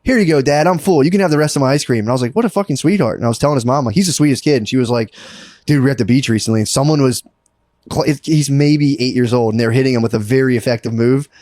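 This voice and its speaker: A man's voice: medium pitch, rapid-fire, a little mellow, no echo, studio quality. A man co-hosting a podcast in casual comedic chat, rambling and profane and laughing often. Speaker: podcast co-host.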